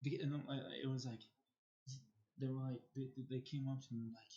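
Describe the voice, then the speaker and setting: A man's voice: mid-range voice, flat delivery, moderate pace, mellow, dull audio. A man livestreaming, telling a long story in a casual, rambling way and often restarting his sentences. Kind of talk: casual storytelling while streaming.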